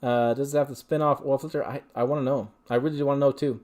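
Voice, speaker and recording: A man's voice: mid-range voice, fairly even intonation, fast talker, a little mellow. A man hosting a casual livestream, reading viewer questions and answering them in a rambling, chatty way. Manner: rambling, chatty, with frequent fillers and restarts. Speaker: livestream host.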